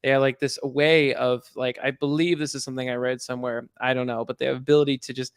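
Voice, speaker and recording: A man's voice: medium pitch, little pitch movement, quick pace, smooth, no echo, studio quality. A man co-hosting a podcast, chatting casually about a cartoon episode, rambling and correcting himself as he goes. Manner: rambling, self-correcting, puts on voices when quoting. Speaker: podcast co-host. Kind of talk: casual review chat.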